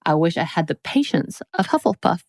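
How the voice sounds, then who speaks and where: A woman's voice: lowish voice, very animated, a little fast, darkish tone, dry recording, studio quality. A woman co-hosting a podcast, reading quiz questions aloud in a playful, casual chat. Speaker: podcast co-host.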